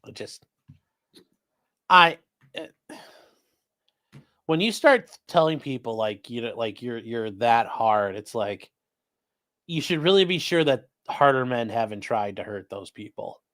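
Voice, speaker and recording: A man's voice: mid-range voice, animated, measured pace, pauses often, fairly bright tone. A man hosting a livestream, commenting on court filings in a mocking, profane way. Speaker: livestream host. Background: live chat stream.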